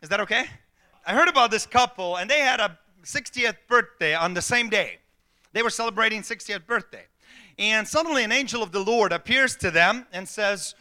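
A man's voice: high-pitched, moderate pace, sharp tone. A man preaching a sermon in a church, opening with a joke and then speaking earnestly. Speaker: pastor.

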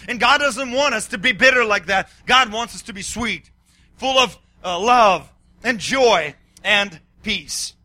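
A middle-aged male pastor preaching a sermon, excitable, swinging between yelling and quiet asides. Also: high voice, a little slow, dry recording.

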